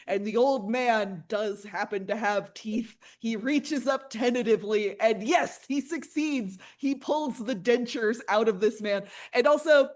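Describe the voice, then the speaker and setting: A woman workshop instructor playfully narrating her comic aloud, with laughs between lines. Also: a little high.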